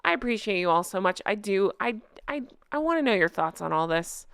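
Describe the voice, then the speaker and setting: A woman's voice: medium pitch, big pitch swings, brisk, vocal fry, a bit bright, clean tone, dry recording, clean studio sound. A middle-aged woman hosting a commentary vlog, talking in a heated, indignant way and reading viewer comments aloud. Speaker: commentary channel host.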